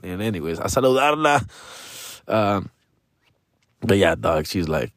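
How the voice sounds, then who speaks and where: A man's voice: fairly low pitch, very animated, moderate pace, no room sound. A man talking casually to camera from his room, slangy and profane, calling his listener "dog" and "fool" and dropping into Spanish mid-sentence. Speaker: vlogger. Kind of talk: casual personal monologue.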